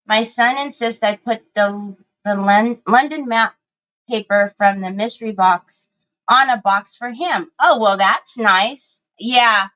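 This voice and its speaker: Slow-talking woman with a squeaky cold voice. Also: lo-fi sound. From Northern California. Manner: clears throat often, warm greetings. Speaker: livestream craft host. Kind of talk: casual livestream chat, greeting viewers. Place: home craft desk.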